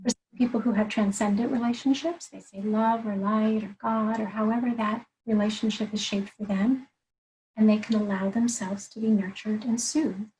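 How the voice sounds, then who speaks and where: A woman's voice: mid-range voice, steady tone, normal speed, a little mellow, a little hiss or hum, low-quality recording. A woman life coach in an interview conversation, explaining her approach earnestly and laying out her points one by one.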